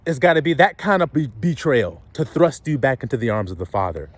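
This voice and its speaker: A man delivers a blunt, profane sermon, firing question after question at his listeners. His pitch leaps high and drops low as he builds each point. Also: big pitch swings, brisk, no room sound. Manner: blunt, profane street preaching with rhetorical questions. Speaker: preacher.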